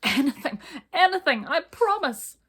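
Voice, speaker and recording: A woman voicing a huge fire-breathing male dragon from a children's storybook, deep and bellowing. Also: takes it slowly, breathy edge, exaggerated voice. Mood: laughing, pleading. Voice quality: deep rumbling. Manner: loud, bellowing threats.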